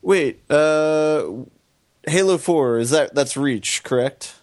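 A man's voice: on the high side, slow pace, darkish tone, no room sound. A man co-hosting a casual gaming podcast, often asking puzzled questions. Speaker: podcast co-host.

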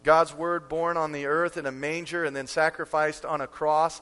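A man preaching a sermon as pastor, emphatic and repeating key lines for effect, with sudden swings from quiet to loud. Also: fairly high pitch, animated, fairly quick, few pauses.

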